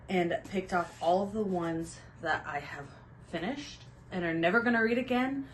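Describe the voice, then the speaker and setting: A young woman chats casually about books from her home, upbeat and talkative. Her voice sits a little low and comes out a touch breathless. A faint hiss of room noise sits under the recording. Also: low-quality recording. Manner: chatty and upbeat. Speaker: booktube host. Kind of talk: casual chat.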